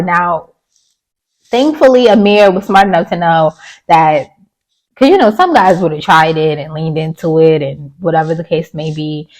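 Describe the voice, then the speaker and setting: Her voice is on the lower side and the recording is rough. She's a YouTube reviewer giving an opinionated, casual rundown of a reality show, frank and talkative, with cheeky side comments and sarcastic quoted voices.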